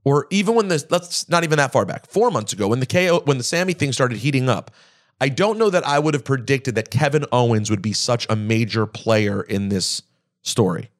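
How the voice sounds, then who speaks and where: A man's voice: mid-range voice, lively intonation, a little fast. A man co-hosting a podcast, chatting casually and thinking aloud with fillers and restarts. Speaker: podcast co-host. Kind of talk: casual chat.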